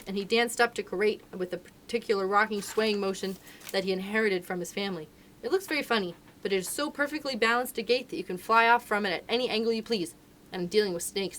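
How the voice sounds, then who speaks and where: A woman, a children's librarian, reading a storybook aloud with expressive, lively narration. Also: medium pitch.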